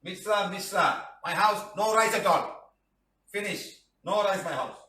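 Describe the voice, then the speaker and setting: A man's voice: high-pitched, measured pace, sharp tone. A middle-aged man, teaching a live class in a joking, teasing way, reading out viewer comments and ending phrases with "huh?" and "lah". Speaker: healing teacher. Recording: roomy echo, mic at a distance.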